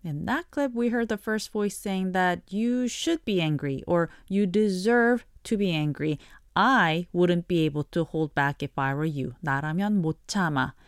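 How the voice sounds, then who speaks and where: A woman hosting a radio language lesson, explaining an expression in a clear teaching tone. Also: fairly low pitch, moderate pace, dry recording, clean studio sound.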